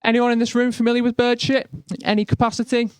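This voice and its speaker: A man's voice: very high voice, level tone, quick pace, smooth, no room sound. Young Liverpool man doing stand-up. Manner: chatty, self-mocking, lots of "like" and "but no". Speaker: stand-up comedian. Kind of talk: stand-up comedy set.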